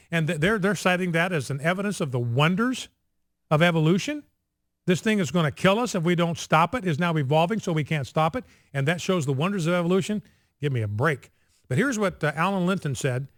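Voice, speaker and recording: A man hosts a talk radio show, driving his points home by repeating them. His voice sits fairly high for a man. The studio sound is dry and close. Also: dry recording. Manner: emphatic, repeats points for effect.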